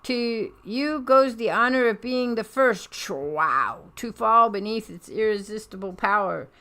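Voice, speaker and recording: A woman's voice: lowish voice, normal speed, a bit bright, lightly acted. A woman putting on a commanding villain baron. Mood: triumphant. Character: stern ruthless male villain baron, commanding.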